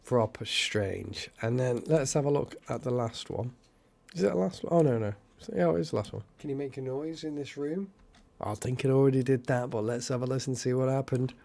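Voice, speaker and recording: A man hosting a casual live stream, chatty and excitable, thanking viewers by name. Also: mid-range voice, brisk, vocal fry, a little hiss or hum.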